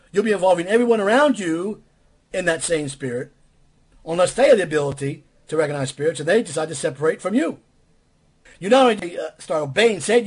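A man's voice: high-pitched, darkish tone, slightly rough. A man preaching a sermon in a blunt, emphatic way, repeating phrases for stress.

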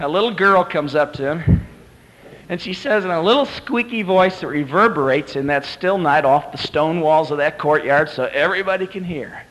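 A male preacher giving a sermon at a convention, retelling a story dramatically and swinging from hushed to climactic. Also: fairly high pitch, normal speed, rough recording.

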